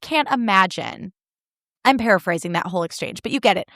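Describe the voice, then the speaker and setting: A young woman hosting a solo podcast, recapping reality TV in animated, indignant, sarcastic talk with plenty of swearing. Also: medium pitch, fairly quick, no echo, clean studio sound. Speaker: podcast host.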